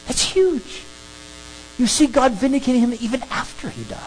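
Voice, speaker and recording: A preacher giving an animated, emphatic sermon that works through a scripture passage. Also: high-pitched, normal speed, a little hiss or hum, rough recording. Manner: animated, emphatic, acts out crowd scenes.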